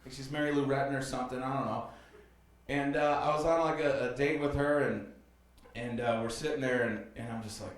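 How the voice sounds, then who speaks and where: Male stand-up comic, mid-pitched, loose and rambling, dark jokes delivered flat, heard from a distance in a very echoey club. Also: fast talker. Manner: dark jokes told flatly. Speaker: stand-up comedian. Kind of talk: stand-up comedy set. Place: comedy club stage before a live audience. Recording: roomy club sound, distant mic.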